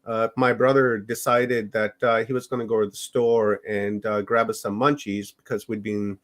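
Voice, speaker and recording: A middle-aged man from Canada, a podcast guest recounting his own experiences in a loose, unhurried way. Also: on the low side, little pitch movement. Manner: unhurried, rambling storytelling. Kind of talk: personal storytelling in an interview.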